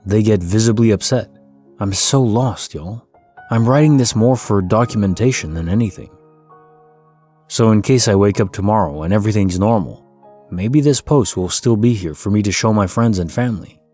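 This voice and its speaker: A man reading stories aloud in a calm, soothing, scripted way, like sleep-story narration. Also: fairly low pitch, moderate pace. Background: faint background music.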